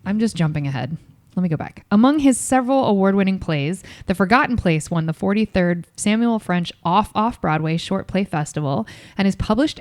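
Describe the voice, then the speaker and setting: A woman's voice: mid-range voice, a little mellow, dry recording. Playful woman host, dry close sound. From Ohio, USA. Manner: playful, teasing, apologetic over slips. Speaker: podcast host. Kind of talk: reading a guest bio, then casual chat.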